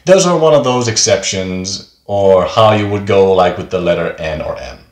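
In an echoey room, a language teacher with a low voice and normal speaking speed leads a beginner pronunciation lesson. He's patient and says every example word twice.

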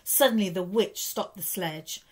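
A woman's voice: medium pitch, measured pace, breathy edge. Woman reading a children's story aloud. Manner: expressive, lively storytelling. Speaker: primary school teacher.

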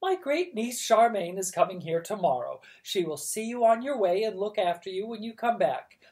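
A woman voicing a rich, bossy elderly great-aunt who issues orders in a loud, haughty way. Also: mid-range voice, sing-song, moderate pace, pitched above the performer's own voice, natural voice. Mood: imperious.

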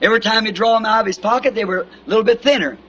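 A man's voice: high voice, racing, sharp tone, muffled recording. A man with a Southern American accent preaching a sermon in a folksy, storytelling way, recorded on an old 1960s tape. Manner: folksy anecdotes with repeated "See?". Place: church meeting with congregation.

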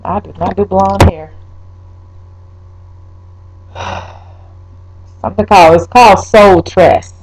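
A young woman vlogging a wig review, talking straight to her viewers, swearing and exasperated, her voice jumping up high when upset. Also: fairly even intonation, slow pace, pauses often, a little mellow, slight background noise, low-quality recording. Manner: pitch leaps when upset. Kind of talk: casual vlog, ranting.

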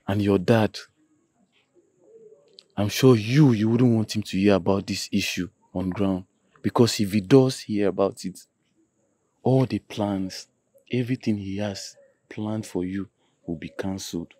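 A man's voice: on the low side, warm tone, slightly rough, no echo. A young man with a Nigerian accent playing a blunt teen boy who earnestly advises his friend.

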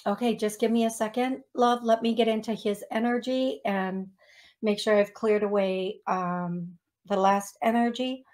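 A woman's voice: medium pitch, steady tone, a little slow, a little mellow. A woman hosting a radio call-in show as a psychic medium, talking in a chatty way with many restarts and ums.

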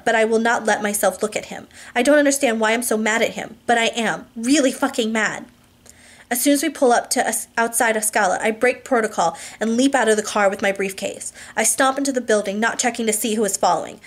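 Woman, audiobook narrator, first-person reading, emphatic slowdowns, small asides, self-corrections. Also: a little high. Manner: fixes stumbled words as she reads. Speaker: narrator reading a novel aloud.

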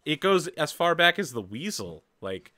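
Chatty, bright-voiced young game master. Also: male voice, on the high side, very animated, moderate pace, dry recording, clean studio sound. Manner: chatty, explains rules, laughs often. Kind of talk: running a tabletop game.

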